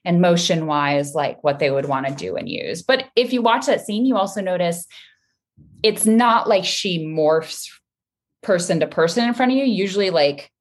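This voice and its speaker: Woman, lowish voice, voice actress guest, casual interview, lively chatty manner. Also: normal speed. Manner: lively, chatty, laughs often.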